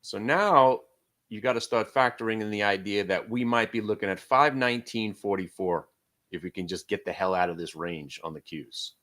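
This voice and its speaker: A middle-aged man giving brash, joking live commentary as host of a day trading stream, his voice rising and falling in loudness as he gets excited. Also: lowish voice, normal speed.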